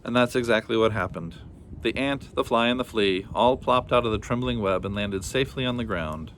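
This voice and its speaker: A man's voice: on the low side, fairly quick, slight background noise. Man reading a children's story. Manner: even, plain narrating voice between characters. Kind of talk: children's storybook read-aloud.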